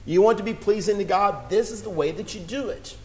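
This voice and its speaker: A man delivers a sermon in a fairly high voice. He speaks earnestly, slowing down for scripture and rising into emphatic appeals to the congregation. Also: poor audio. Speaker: preacher.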